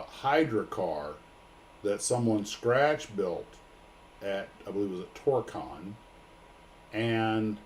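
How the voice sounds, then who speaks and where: A man's voice: on the low side, slight background noise. Joking American man hosting a stream. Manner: joking, rambling with fillers. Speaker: livestream host. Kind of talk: casual livestream chat.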